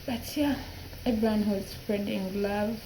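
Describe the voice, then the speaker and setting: A woman in her twenties talking through tears in a personal vlog, halting and repeating herself. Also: mid-range voice, steady tone, mellow, slight background noise, poor audio. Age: 20s. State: tearful, crying at times. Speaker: vlogger.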